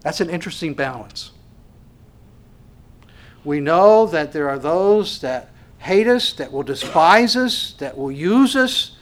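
A man's voice: a little high, expressive, takes it slowly. A man preaching an expository sermon as a pastor, earnest and emphatic, often restarting and repeating words as he explains a passage.

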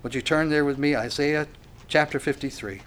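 A man preaching a sermon with passion, swinging from quiet, drawn-out phrases to loud, stressed lines as he reads scripture aloud. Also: fairly high pitch. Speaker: pastor.

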